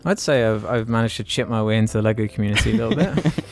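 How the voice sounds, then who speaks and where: Male co-host, low voice, blunt dry wit. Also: fast, music in the background. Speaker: podcast co-host. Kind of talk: casual chat.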